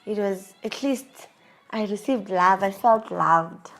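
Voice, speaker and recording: A woman's voice: mid-range voice, slow pace. A South African woman in her thirties, emotionally confiding a personal story with frequent restarts. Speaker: vlogger.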